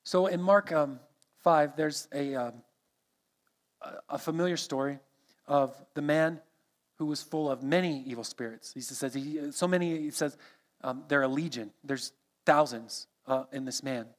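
A man with a notably high speaking voice delivers an earnest sermon. He teaches through a scripture passage verse by verse, explaining each part as he goes. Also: measured pace. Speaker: preacher. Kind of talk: expository sermon.

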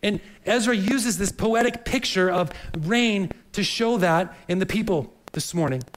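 A man's voice: high voice, animated, measured pace, a little hiss or hum, poor audio. A man preaching a sermon in an earnest, searching way, often repeating words as he reaches for the next phrase. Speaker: pastor.

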